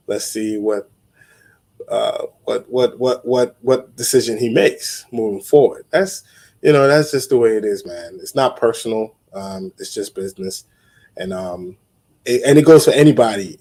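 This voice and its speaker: A man's voice: mid-range voice, darkish tone. A man hosting a sports talk show, giving blunt opinions in a casual monologue, restarting phrases often and chuckling. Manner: blunt, repetitive, chuckling, frequent restarts and fillers.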